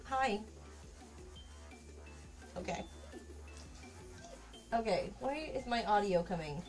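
A woman's voice: medium pitch, animated, slow pace, long pauses, soft background music. A woman streaming from her home craft workspace, chatting casually and talking to her cat while she works. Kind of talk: casual live-stream chat.

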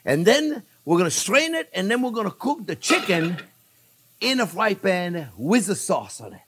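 Older french guy cooking on his channel, animated sing-song voice, chatty, keeps saying friends. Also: high-pitched, moderate pace, slight background noise. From France. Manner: chatty, repeatedly calls viewers friends, laughs at himself. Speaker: cooking show host. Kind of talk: casual cooking demonstration.

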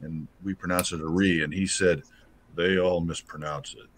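A man calmly telling a short family story in a casual group chat. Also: sits low, moderate pace, slight background noise. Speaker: watch party guest.

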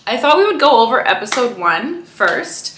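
A woman's voice: on the high side, very animated, normal speed, a bit bright, slight background noise. A young adult woman vlogging in a casual chat to camera, chatty and tagging lines with "right?" and "you know". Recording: roomy echo.

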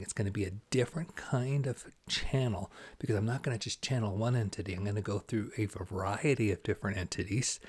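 A man's voice: on the low side, darkish tone, slightly rough. A man hosting a spiritual talk show, telling jokes and stories in an enthusiastic, casual way. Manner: jokey, enthusiastic storytelling. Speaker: host and channeler.

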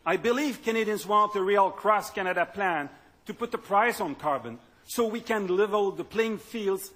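High, bright, husky political speaker. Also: male voice. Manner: emphatic, with halting repetitions. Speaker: political party leader. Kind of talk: political speech.

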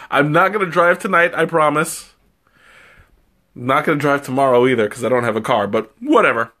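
A man's voice: a little high, expressive, moderate pace, bright, forceful tone. Giggly rambling man, runny-nosed. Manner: giggly, rambling and self-mocking. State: runny nose from spicy tea. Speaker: live-stream tea taster. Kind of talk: casual live-stream chat.

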